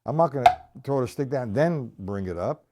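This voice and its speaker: Animated man teaching drums on a stream. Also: mid-range voice, normal speed, heavy background noise. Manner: animated, conversational, repeats points, checks in with viewers. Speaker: drum teacher. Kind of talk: live-streamed drum lesson. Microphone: live stream camera mic.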